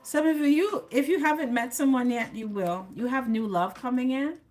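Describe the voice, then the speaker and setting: Her voice is high-pitched and a little mellow, moving at normal speed. She's a tarot reader doing a live session, speaking straight to the collective in a chatty, sassy way and laughing often at her own remarks.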